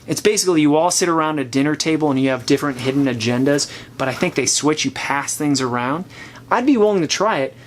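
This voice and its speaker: A man's voice: fairly high pitch, quick pace, a little hiss or hum. A man hosting a casual chat, giving opinionated, chatty takes while thinking aloud. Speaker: host. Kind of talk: casual chat reviewing board games.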